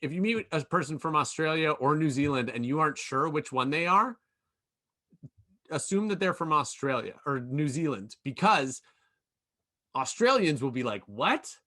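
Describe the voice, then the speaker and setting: A man's voice: fairly high pitch, expressive, moderate pace, a bit bright. A man giving a casual workshop lecture, full of ums and likes and joking asides. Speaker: workshop presenter.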